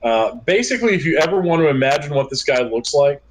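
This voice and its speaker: A man narrating as game master of a tabletop game, in a relaxed way with many fillers and restarts. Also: on the high side, fast, slight background noise, rough recording.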